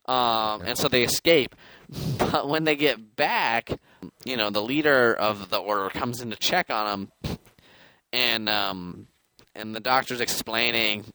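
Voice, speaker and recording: Bright-voiced man ranting about comics. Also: mid-range voice, measured pace, clean tone, no room sound, rough recording. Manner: rambling, laughing, acts out quotes. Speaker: podcast co-host. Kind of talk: casual comic book chat.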